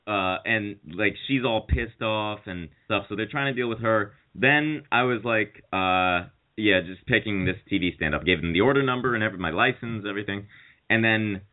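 A man's voice: fairly low pitch, moderate pace. A man casually telling a long, rambling anecdote in a chat show, swearing freely and acting out what other people said. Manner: rambling, profane anecdotes with acted-out quotes. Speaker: podcast co-host. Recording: tinny phone-like audio.

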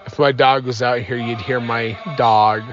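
Recorded in his car with dull audio and soft music behind him, this male podcast host has a medium-pitched, fairly bright voice with fairly even intonation. He speaks a little slowly, yawning and drowsy, rambling casually, putting himself down and leaning on lots of fillers.

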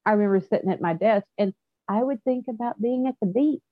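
A woman's voice: mid-range voice, fast, no room sound. A woman co-host chats casually, stumbling through restarts as she shares memories. Her voice sits mid-range, close and dry, with dull lo-fi sound. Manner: chatty, trailing restarts. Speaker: podcast co-host. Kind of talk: casual chat.

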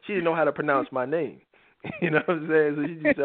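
A man's voice: fairly high pitch, sing-song, fast. A man hosting a live talk show, lecturing his listeners in an emphatic, preachy monologue and acting out quoted lines in other voices. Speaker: show host. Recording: tinny phone-like audio.

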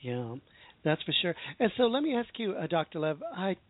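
A soft-spoken radio host asks a guest hesitant questions, with fillers along the way. The voice sits at a middle pitch and comes through a dry, tinny phone line. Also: sing-song, normal speed, no room sound. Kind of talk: interview questions.

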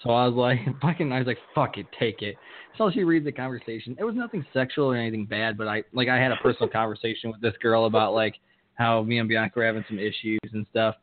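A man co-hosting a podcast, telling a wild story with lots of swearing and shouted quotes. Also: mid-range voice, fast talker. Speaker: podcast co-host. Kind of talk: casual storytelling chat. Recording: tinny phone-like sound.

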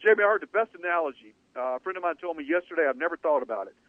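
Male sports talk host, high pitch, emphatic, rambling delivery; dry, narrowband radio sound. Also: expressive, very fast, no echo. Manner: emphatic, opinionated, rambling with restarts. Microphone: studio radio mic. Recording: dry phone-like radio audio.

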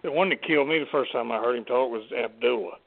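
A man co-hosting a casual talk show, rambling and halting with lots of fillers. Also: medium pitch, gravelly, over a noisy crowd. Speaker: co-host. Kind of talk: casual podcast chat. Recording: tinny phone-line audio.

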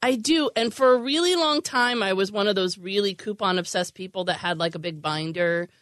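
A woman co-hosting a casual podcast chat, telling stories in an animated way and slipping into mimicry. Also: mid-range voice, fairly quick, no room sound. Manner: animated storyteller who mimics voices. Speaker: podcast co-host.

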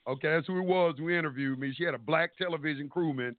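A man's voice: on the high side, fast, no room sound. A man calling in to a radio talk show, telling a long story with energy, acting out what each person said and swearing casually. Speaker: caller. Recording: tinny phone line, dry.

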